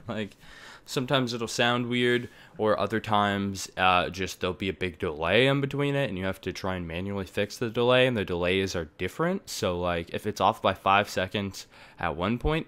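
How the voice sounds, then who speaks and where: A young man records a casual, rambling tutorial on recording setups at home using a desktop USB microphone, filling it with fillers and offhand asides. His voice is lowish with a fairly bright tone.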